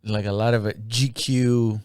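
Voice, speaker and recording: Smooth-voiced man teasing in casual chat. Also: fairly low pitch, level tone, a little mellow, no echo. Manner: teasing, quick to laugh.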